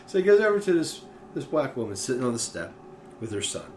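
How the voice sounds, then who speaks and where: A man chatting casually as a podcast co-host, telling stories in an animated way and swearing freely. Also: mid-range voice, quick pace, distant mic. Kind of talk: casual chat. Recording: echoey room with faint noise.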